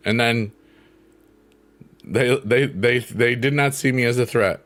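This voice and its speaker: A man's voice: medium pitch, measured pace, long pauses. A middle-aged man hosting a livestream, chatting casually and reading comments aloud in a goofy, joking way. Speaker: livestream host. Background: soft piano music.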